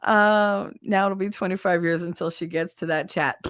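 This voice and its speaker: A woman's voice: on the low side, lively intonation, a little slow, few pauses, a bit bright, clean tone, no echo, clean studio sound. A woman hosting a podcast from her bedroom at home, chatting casually with her live viewers, swearing freely and laughing often at herself. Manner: chatty and self-mocking. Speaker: podcast host.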